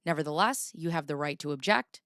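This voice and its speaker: A woman's voice: deep voice, lively intonation, a little fast, sharp tone, no room sound, clean studio sound. A woman hosting a livestream, chatting with viewers and reading legal documents aloud, giggly and chatty. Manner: giggly, chatty, talks to chat. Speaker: livestream host.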